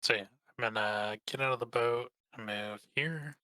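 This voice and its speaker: A man's voice: mid-range voice, normal speed, sharp tone, clear, resonant tone, no echo. A man playing in a tabletop game, easygoing and asking questions about the rules. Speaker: player. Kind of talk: casual tabletop game chat.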